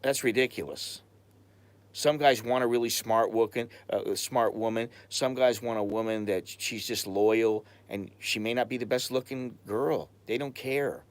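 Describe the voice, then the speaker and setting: A man's voice: medium pitch, measured pace. American man, casual live-stream chat, rambling, blunt, stops to hunt for words. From United States. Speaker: expat vlogger answering live chat.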